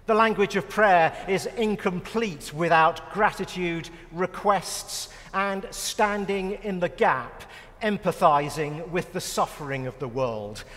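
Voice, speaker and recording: A man's voice: sits high, slow, fairly bright tone, in a large hall. A middle-aged British man preaching a sermon with wry, self-mocking humor. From United Kingdom.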